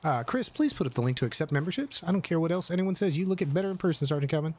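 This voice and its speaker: A man's voice: a little high, lively intonation, rapid-fire, darkish tone, a little hiss or hum. A middle-aged man streaming a survival game, chatting casually, thanking viewers and swearing at scares. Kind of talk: casual live gameplay commentary.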